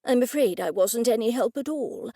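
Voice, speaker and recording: A woman reading an audiobook, voicing a pompous, stubborn older English gentleman with stiff, old-fashioned phrasing. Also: extremely high pitch, moderate pace, dry recording, clean studio sound. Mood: indignant.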